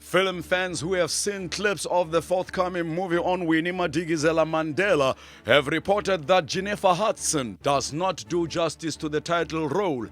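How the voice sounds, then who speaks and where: An actor playing a dry, deadpan male news anchor in a satirical puppet newscast. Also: a little high, natural voice. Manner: crisp newsreader delivery, deadpan.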